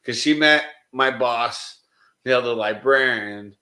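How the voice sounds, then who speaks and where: A man's voice: medium pitch, measured pace. Rambling man telling work stories. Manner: rambling storyteller, quotes others in a lively voice. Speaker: librarian. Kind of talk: casual podcast chat. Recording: roomy echo.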